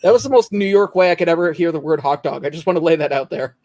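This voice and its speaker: A man's voice: on the high side, fast, darkish tone, no room sound, poor audio. A man from Ontario, hosting a casual late-night collectors' chat, laughing often and trailing off mid-thought. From Ontario, Canada.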